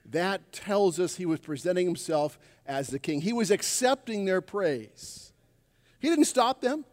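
A male pastor delivers a sermon with a fairly high voice, calling out to his congregation for responses. The sound carries the long echo of a church sanctuary. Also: lively intonation, measured pace, darkish tone. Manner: preaching with call-and-response to the congregation. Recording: long reverb of a church hall.

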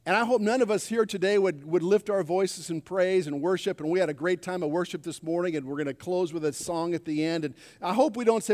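With a darkish tone and a high voice, a male pastor preaches quickly with few pauses, trading call-and-response with the congregation. The sermon takes place in a church sanctuary, recorded with the long reverb of the hall.

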